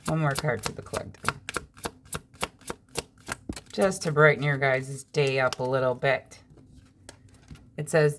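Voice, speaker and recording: A woman's voice: very deep voice, fairly even intonation, measured pace, pauses often, a little hiss or hum. A woman reading tarot cards in a casual vlog, chatting in a rambling way with a dry sense of humor. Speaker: tarot reader.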